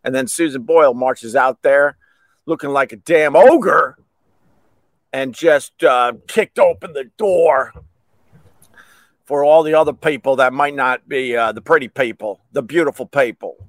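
A man's voice: medium pitch, a little slow, dry recording. Middle-aged man, podcast host, rambling comic storyteller, mid-range voice, dry close sound. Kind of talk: casual solo chat.

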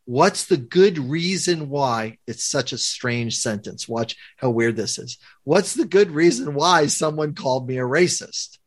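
A man's voice: medium pitch, measured pace, hardly any pauses. A man working as a conflict coach, explaining a communication method to a guest and acting out quoted lines as he goes. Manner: animated teacher, acts out quoted lines.

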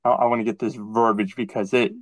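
A man co-hosting a podcast, chatting casually and acting out quoted dialogue in an animated storytelling manner. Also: fairly low pitch, quick pace, no echo, rough recording. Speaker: podcast co-host. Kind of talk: casual chat.

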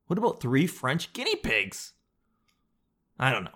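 A young man, talking casually to camera at a mid pitch. He rambles, jokes at his own expense, and wanders through loose asides. His delivery is loose and conversational. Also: wildly swooping pitch, measured pace, pushed and bright. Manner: joking, self-deprecating, meandering with loose asides. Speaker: vlogger.

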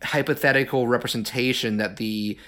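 A man's voice: medium pitch, fairly even intonation, a little fast, bright, forceful tone. Chatty man discussing films. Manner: chatty, many fillers and restarts. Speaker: podcast co-host. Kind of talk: casual film discussion.

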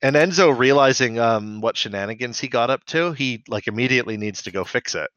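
A man's voice: medium pitch, expressive, a little fast, fairly bright tone, no echo. A man co-hosting a casual podcast who recaps a cartoon episode in a chatty way. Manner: chatty, acts out characters' lines. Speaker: podcast co-host. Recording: dry, slightly dull mic sound.

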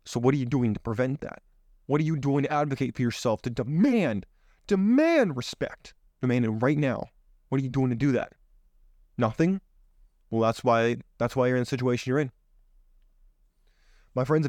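A man's voice: mid-range voice, expressive, moderate pace, pauses often, darkish tone, no echo, clean studio sound. A man hosting a podcast, giving an emphatic motivational monologue full of rhetorical questions, speaking into his own microphone. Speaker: podcast host. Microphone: own microphone on camera.

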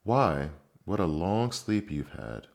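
Gentle older sister, as a man puts her on. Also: low voice, sing-song, slow, creaky, exaggerated voice. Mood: tender. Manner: gentle, soothing.

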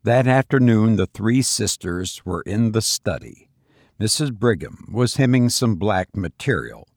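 A man with a husky voice narrating a story aloud, with a lively, rising and falling delivery. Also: on the low side, measured pace, no echo, studio quality.

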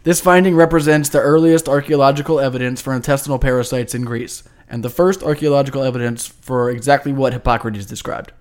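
A man's voice: medium pitch, steady tone, quick pace, few pauses. A man co-hosting a podcast, explaining science in a casual chat, joking, laughing often and swearing casually. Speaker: podcast co-host.

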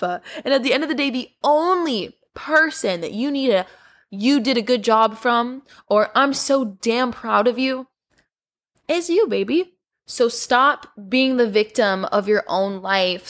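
A woman's voice: a little high, a bit bright. A young woman hosting a solo motivational podcast, giving an affectionate, emotional pep talk and calling her listeners baby. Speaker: podcast host.

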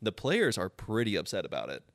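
A man's voice: on the low side, huge pitch swings, a little fast, dry recording. A young man co-hosting a casual sports podcast, swearing freely, laughing often and breaking into incredulous rants. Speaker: podcast co-host.

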